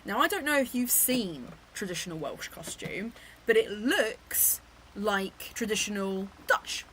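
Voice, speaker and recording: Chatty laughing English book-club host. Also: female voice, medium pitch, a little slow, slight background noise. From England. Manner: animated, laughs often, teasing. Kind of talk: casual chat.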